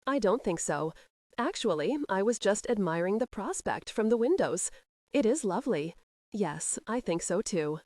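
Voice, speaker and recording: A woman reading a timid young countess, soft and hesitant, storybook romance. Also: medium pitch, animated, moderate pace, dry recording, studio quality, lightly acted. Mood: quiet. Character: shy, timid young noblewoman.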